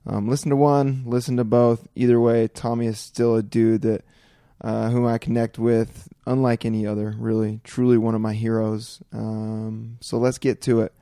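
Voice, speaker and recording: Gravelly, mellow-voiced man hosting a podcast. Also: medium pitch, normal speed, few pauses, no room sound, clean studio sound. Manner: relaxed, loose, swears freely. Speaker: podcast host. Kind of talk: casual conversation with a friend.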